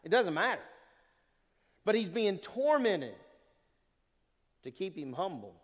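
Animated high-pitched male preacher in a reverberant hall. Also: takes it slowly. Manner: animated preaching, rhetorical questions to the congregation. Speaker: pastor. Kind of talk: sermon.

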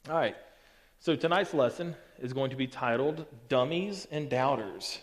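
A man's voice: medium pitch, animated, moderate pace. Man teaching a youth group in a reverberant hall. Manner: casual, teasing and joking with listeners. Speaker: youth pastor. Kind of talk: youth group Bible lesson. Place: church hall. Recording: long reverb of a church hall.

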